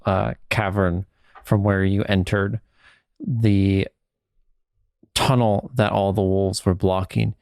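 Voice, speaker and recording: A man narrating a tabletop game as game master in a calm, unhurried way. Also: on the low side, clean tone, no echo, studio quality.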